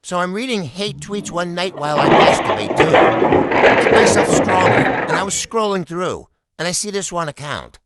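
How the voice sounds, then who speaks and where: A man's voice: high voice, lively intonation, a little fast, few pauses, heavy background noise. A man doing stand-up, telling a crude, profane story and acting out the people in it. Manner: crude, profane, story told with act-outs. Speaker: stand-up comedian.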